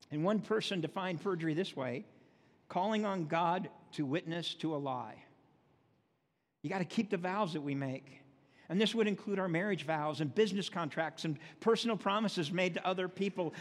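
A man preaching a sermon as pastor. He reads scripture slowly and then talks in a plain, folksy way between the verses. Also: high-pitched. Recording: long reverb of a large hall.

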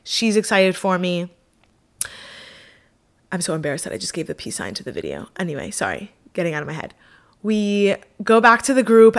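A woman's voice: mid-range voice, a bit bright. A young woman telling a travel story to her camera in a casual vlog, chatty and self-deprecating with lots of fillers. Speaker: vlogger.

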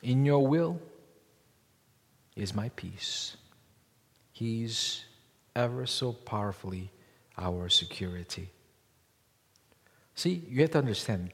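Preaching man in a reverberant hall. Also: medium pitch. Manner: emphatic preaching with rhetorical questions. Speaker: pastor. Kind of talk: sermon.

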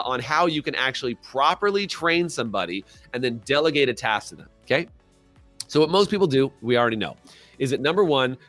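A man's voice: medium pitch, dry recording. A man co-hosting a business coaching podcast, talking animatedly and acting out little dialogues, asking listeners to comment in the chat. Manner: animated, acts out quoted dialogue. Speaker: podcast co-host.

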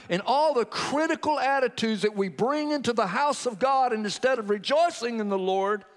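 High-voiced preacher in a reverberant hall. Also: male voice. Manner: storytelling, quoting a convert's testimony. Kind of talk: sermon.

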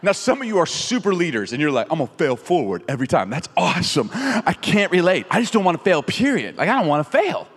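Lively male pastor in a reverberant hall. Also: sits high, brisk, husky. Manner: animated, conversational preaching with acted quotes. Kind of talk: sermon.

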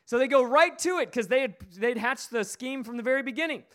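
A man's voice: extremely high pitch, brisk, a bit bright. A man preaching a sermon, retelling a story emphatically with repeated phrases.

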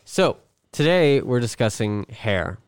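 A young man co-hosting a podcast, calmly explaining his views in casual chat. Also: medium pitch, takes it slowly, background noise. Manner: thoughtful, explains ideas at length. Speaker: podcast co-host.

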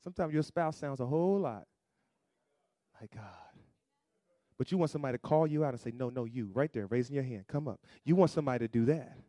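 A man preaching a sermon, asking the congregation for amens, swinging between loud emphatic peaks and low asides. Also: quick pace, no echo, studio quality. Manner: call-and-response preaching, rising to loud emphatic peaks then dropping low; acts out quoted voices in asides. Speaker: pastor.

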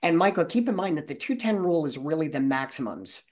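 A man's voice: on the high side, sing-song, fast, a little mellow. A man who trains salespeople, answering interview questions in a confident, coaching manner.

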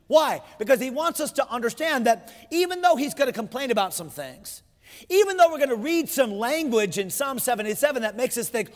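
A man's voice: very high voice, animated, a little fast, long reverb tail. A pastor preaching a sermon to his congregation, emphatic, repeating his phrases and asking rhetorical questions.

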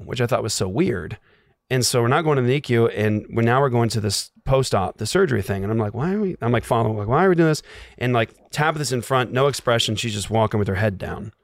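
Guy telling his faith story, acts out the dialogue, goes quiet and hushed at the tense bits, dry close sound. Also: mid-range voice, no echo. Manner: acts out dialogue, drops to a hush at tense moments. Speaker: guest telling a personal story.

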